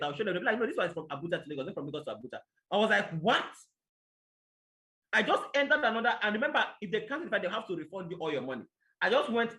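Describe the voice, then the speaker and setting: A man tells his story in a high, bright voice. He talks fast and acts out both sides of each exchange as he speaks to an audience. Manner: animated storytelling, acting out exchanges with God. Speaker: motivational speaker. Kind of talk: testimony talk to an audience.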